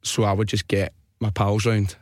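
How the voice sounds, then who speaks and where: A man's voice: fairly low pitch, flat delivery, normal speed, a little mellow, dry recording. A Scottish man in his thirties hosting a podcast in a studio, telling stories casually, laughing and swearing freely. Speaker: podcast host. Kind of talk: casual chat.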